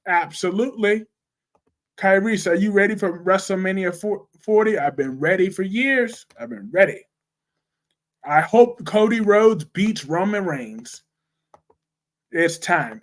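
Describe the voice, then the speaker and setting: A young man hosting a casual live chat about soap operas, blunt and animated, answering viewer comments with slang. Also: high-pitched, measured pace.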